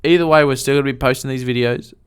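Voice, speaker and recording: A man's voice: medium pitch, steady tone, racing, smooth. A man co-hosting a podcast, chatting casually and telling work stories bluntly, with some swearing. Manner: blunt, storytelling, swears freely. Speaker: podcast co-host. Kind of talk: casual chat.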